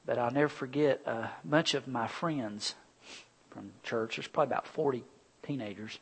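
The pastor, a middle-aged man, mixes sermon and personal stories, rising into loud, lively bursts and dropping into quiet earnestness. His mid-range voice is husky and his speed normal, though the recording is low quality.

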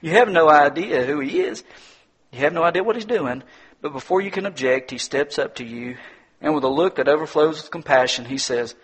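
A male preacher delivers a sermon in a dramatic storytelling manner. His voice sits a bit high and has a husky edge. He drops to near whispers and rises to loud, ringing declarations. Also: expressive, brisk.

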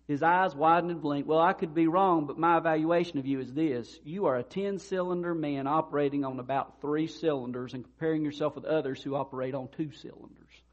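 This pastor has a fairly high voice and a brisk delivery, heard in lo-fi sound. His sermon is conversational, and he brings the people in his stories to life by acting out their dialogue.

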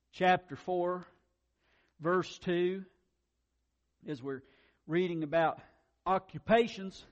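A man preaching with a slightly high voice, lively and emphatic, rising to loud peaks and then dropping to near-murmurs. He often repeats words as he gets excited. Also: lo-fi sound. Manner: animated, swings between loud emphasis and quiet asides. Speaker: pastor. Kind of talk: sermon.

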